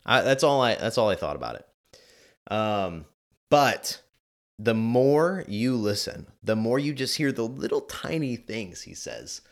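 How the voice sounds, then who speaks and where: A man's voice: fairly low pitch, a little slow. A man hosting a casual podcast, rambling and correcting himself as he talks. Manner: animated, rambling, self-correcting. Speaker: podcast host. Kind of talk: casual chat.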